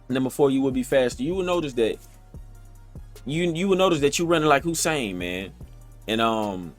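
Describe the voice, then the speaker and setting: A man vlogging straight to his viewers in an emphatic, repetitive, streetwise way, with a streaming setup on his computer. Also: medium pitch. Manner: colloquial, streetwise phrasing. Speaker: motivational vlogger. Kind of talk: casual direct-to-camera talk. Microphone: streaming setup, computer recording.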